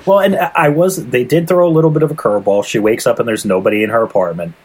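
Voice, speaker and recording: A man's voice: mid-range voice, quick pace, darkish tone, husky, low-quality recording. A man co-hosting a casual anime discussion podcast, laid-back and jokey, laughing easily. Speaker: podcast co-host.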